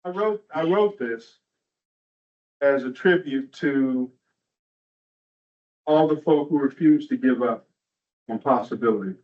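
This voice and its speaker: A man's voice: medium pitch, slow pace, pauses often. Man telling stories at a training event. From Atlanta, US. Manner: rhythmic, storytelling delivery with rhetorical asides. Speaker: keynote speaker at a training. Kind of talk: motivational storytelling talk. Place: large room at a training event. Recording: muffled, distant from the mic.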